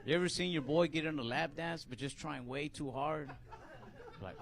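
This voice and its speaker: A man's voice: a little high, normal speed, recorded from a distance. A man in his twenties doing stand-up comedy, with a laid-back, mumbly delivery and stammered restarts. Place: comedy club stage. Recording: roomy live club recording with crowd laughter.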